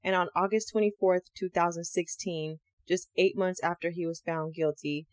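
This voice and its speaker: A woman's voice: fairly low pitch, normal speed, no room sound. Slangy woman telling a true crime story. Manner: animated, slangy, acts out quotes. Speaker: podcast host.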